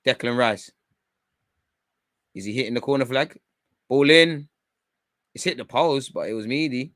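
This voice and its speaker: A man reacting live to a football match from home, bantering in slang and shouting when chances come. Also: mid-range voice, unhurried, dry recording, clean studio sound. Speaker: football watchalong streamer.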